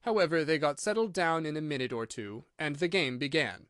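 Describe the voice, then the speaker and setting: A man reading a classic storybook aloud as an expressive audiobook narrator. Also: fairly high pitch, fairly quick, clean tone, dry recording, clean studio sound. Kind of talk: scripted narration.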